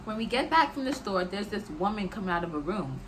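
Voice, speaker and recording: A woman's voice: medium pitch, sing-song, brisk, slight background noise. A young adult woman telling a personal story in a casual, chatty way, with lots of "like" and "y'all" as she talks to her viewers.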